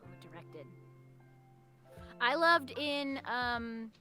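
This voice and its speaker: A woman's voice: a little high, very animated, very slow, pushed and bright, faint music behind. A woman voice director chatting casually on a panel, bubbly and full of "like" and laughter.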